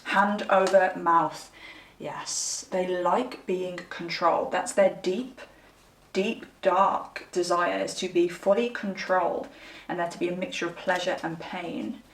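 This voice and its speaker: A woman's voice: lowish voice, level tone, slow pace, recorded from a distance, slight background noise. Woman, tarot reader, chatty and candid, roomy echo, mic set back. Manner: chatty, candid, addresses viewers directly. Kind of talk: pick-a-card tarot reading.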